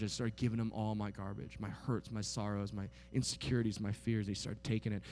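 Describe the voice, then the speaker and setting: A man in his forties preaching a sermon, telling stories with swings from hushed to near-shouting, often asking the crowd "right?". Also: lowish voice, flat delivery, fairly quick, few pauses, long reverb tail, a little hiss or hum. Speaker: pastor.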